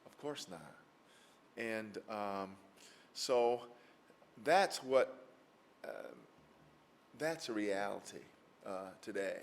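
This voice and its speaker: A man's voice: lowish voice, expressive, very slow, gravelly. A man from Mississippi, a lawyer giving a lecture, telling stories in a folksy way with many fillers. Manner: folksy, anecdotal, frequent fillers. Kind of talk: storytelling lecture answer. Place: lecture hall with audience.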